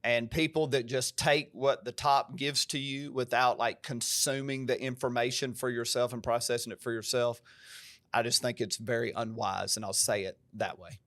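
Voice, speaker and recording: A man's voice: mid-range voice, fairly even intonation, moderate pace, fairly bright tone, dry recording, clean studio sound. A male pastor with an American country twang, talking earnestly and emphatically on a podcast in a preacher-like way. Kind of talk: podcast conversation.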